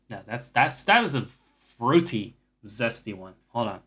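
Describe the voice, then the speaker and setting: A man's voice: medium pitch, fairly quick, fairly bright tone. A man streaming a video game live, talking casually in a joking, profane, self-mocking way. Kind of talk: casual live gaming commentary.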